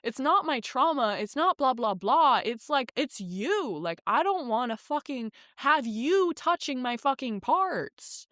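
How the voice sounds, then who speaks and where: A woman's voice: high voice, expressive, measured pace, few pauses, a bit bright, no room sound. Woman vlogging, blunt n fed up, says like a lot, swears, dry mic no room sound. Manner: frank, exasperated retelling, heavy use of "like" and swearing. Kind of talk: casual storytelling.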